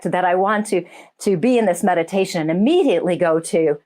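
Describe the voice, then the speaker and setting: A middle-aged woman, a medium and life coach, hosting a casual spiritual talk show, chatting warmly with viewers and laughing easily. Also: mid-range voice, expressive, moderate pace. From United States.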